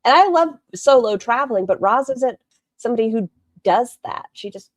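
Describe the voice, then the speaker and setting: A woman's voice: a little high, animated, moderate pace, no room sound. A woman streamer reacting to a video with blunt, sarcastic commentary and plenty of swearing.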